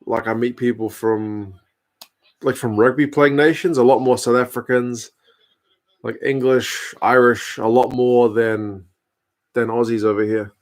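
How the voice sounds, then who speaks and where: Brief: New man in his thirties, laid-back live-stream host, mid-pitched voice, chatty, replies to viewer comments. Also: unhurried. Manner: relaxed, chatty, reads and answers viewer comments. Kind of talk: casual live-stream chat over a rugby match.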